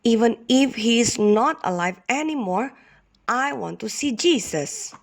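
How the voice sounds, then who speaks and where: A woman's voice: on the high side, lively intonation, measured pace, vocal fry, pitched above the performer's own voice, heavily acted. A teacher doing a sad, pleading woman from a Bible tale. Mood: longing.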